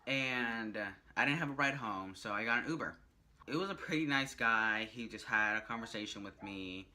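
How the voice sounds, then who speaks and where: A young man vlogging, telling a rambling story in a chatty, animated way. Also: mid-range voice, moderate pace. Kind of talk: casual storytelling vlog.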